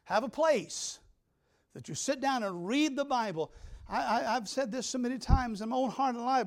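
A pastor preaching an emphatic sermon, swinging between loud declarations and hushed asides. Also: male voice, extremely high pitch, animated, a little fast, creaky.

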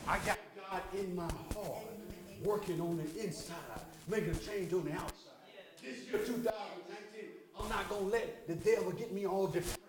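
Brief: older man preacher, very high and hollering, echoey church with a crowd behind. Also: steady tone, normal speed. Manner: hollering, playful, call-and-response with the congregation. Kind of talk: lively church sermon. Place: church hall with congregation.

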